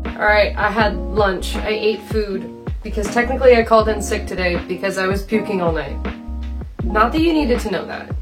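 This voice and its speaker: A woman's voice: mid-range voice, moderate pace. A young Canadian woman chatting casually to camera as she tidies her home craft room, rambling and self-deprecating. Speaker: vlogger. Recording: clear music bed under voice.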